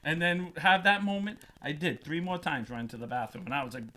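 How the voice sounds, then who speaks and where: A man's voice: fairly high pitch, a little fast, a crowd in the background. A man hosting a podcast, telling a funny story in a casual way. He laughs often and acts out the voices of the people in it. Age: adult, past twenties. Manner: animated, laughing often, acting out quoted voices. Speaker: podcast host.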